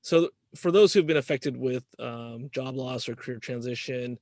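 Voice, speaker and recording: A man's voice: medium pitch, normal speed, darkish tone, no room sound, studio quality. A man moderating a webinar interview, asking long questions with hesitations and restarts.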